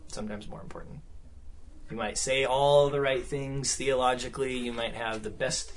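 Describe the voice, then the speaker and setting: A man's voice: mid-range voice, steady tone, normal speed, a little hiss or hum. A man speaking at a counseling seminar, talking conversationally and often checking in with the room. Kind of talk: seminar talk with audience discussion.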